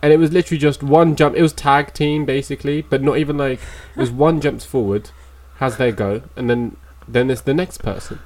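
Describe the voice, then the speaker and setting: A man's voice: medium pitch, fairly even intonation, a little fast, hardly any pauses, darkish tone. A young British man on a podcast, teasing his friends with jokey banter in casual chat. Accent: British English.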